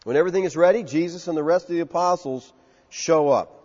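A man's voice: fairly high pitch, quick pace, darkish tone. A male pastor preaching an expository sermon in an emphatic, conversational way, acting out quotes. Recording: muffled sound with long hall reverb.

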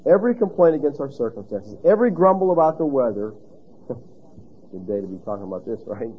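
A man's voice: medium pitch, very animated, a little fast, breathy edge, narrow, tinny audio. A male pastor preaching a sermon emphatically, stressing key points and asking rhetorical questions.

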